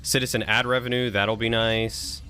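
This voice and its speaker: A man's voice: mid-range voice, level tone, normal speed, sharp tone, a little hiss or hum. A man casually thinking aloud while streaming a strategy game, chatting with and thanking his viewers. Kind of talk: casual live-stream commentary.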